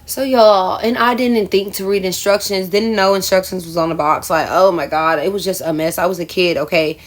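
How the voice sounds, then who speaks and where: A woman's voice: on the low side, steady tone, moderate pace. Chatty woman telling a storytime. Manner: chatty, addresses viewers as y'all, laughs at herself. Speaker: storyteller vlogger. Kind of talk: casual storytime vlog.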